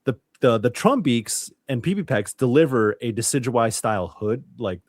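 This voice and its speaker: Animated man telling a story. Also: mid-range voice, moderate pace, dry recording. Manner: animated, swears freely, rambling storytelling. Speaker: podcast guest. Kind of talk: casual chat.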